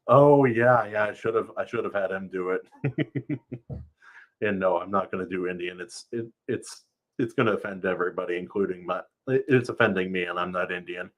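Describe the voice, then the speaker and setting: A man's voice: low voice, normal speed. A man reading a novel aloud on a live stream and chatting casually with viewers, laughing often.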